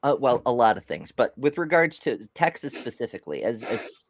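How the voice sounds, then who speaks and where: An American woman hosts a podcast, her voice extremely low and fairly quick, captured in studio quality with no room sound. She tells stories in a rambling, animated, casual way and laughs often as she chats.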